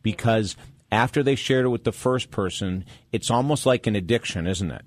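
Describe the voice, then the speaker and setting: A man's voice: lowish voice, moderate pace, no echo. A man hosting a radio talk show, asking questions with eager restarts and plugging the show between segments. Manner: enthusiastic, stumbling restarts in questions. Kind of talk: radio interview.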